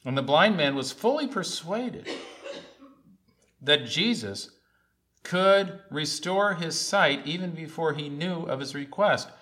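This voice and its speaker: A man preaching a sermon in an earnest way, often repeating lines and rising to loud, emphatic calls. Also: fairly high pitch, lively intonation, takes it slowly.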